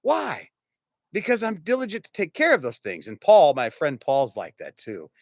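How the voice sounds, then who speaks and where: A pastor around fifty preaching a sermon, telling stories in an animated, conversational way and chuckling as he goes. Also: a little high, normal speed, creaky, dry recording. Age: about 50. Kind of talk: storytelling sermon.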